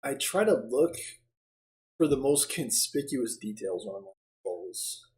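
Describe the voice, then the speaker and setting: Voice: medium pitch, very animated, a little slow, darkish tone, poor audio. A streamer reading game text aloud and chatting casually, often laughing at their own reading. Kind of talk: let's play commentary and dialogue reading.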